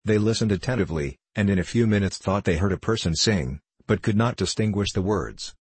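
A man narrating a classic novel in an even, unhurried storytelling manner, with a husky voice. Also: on the low side, no room sound. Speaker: audiobook narrator.

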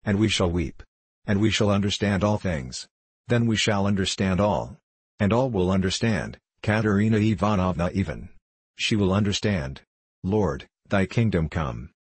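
A man's voice: low voice, normal speed, slightly rough, no room sound. A man voicing a drunken, self-pitying middle-aged former clerk in an audiobook, rambling and pleading, rising to fervent declaiming. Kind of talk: audiobook character reading.

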